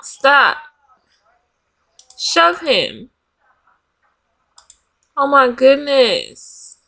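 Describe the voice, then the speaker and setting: A woman's voice: fairly high pitch, expressive, takes it slowly, long pauses, pushed and bright. A woman hosting a life-sim let's play, giving dramatic commentary as she bosses and scolds the game characters. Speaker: gaming channel host. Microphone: desk USB microphone.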